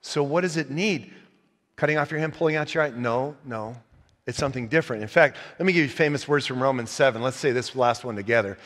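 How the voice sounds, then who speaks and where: A male pastor preaching a sermon, animated and joking, swinging from quiet asides to loud emphatic points. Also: mid-range voice, fast talker, long reverb tail. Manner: joking, laughs at own stories. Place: church sanctuary.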